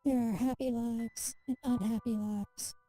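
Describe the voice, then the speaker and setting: A woman with a high-pitched yet dark, mellow voice reads a story aloud at a measured pace. Faint music plays quietly beneath her narration. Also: steady tone, low-quality recording. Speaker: streamer. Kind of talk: reading a game story aloud.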